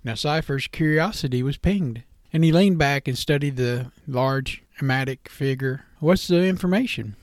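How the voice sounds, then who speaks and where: Guy reading a story out loud, plain unpolished delivery, little stumbles, dry sound. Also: mid-range voice, moderate pace, hardly any pauses, dry recording. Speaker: narrator.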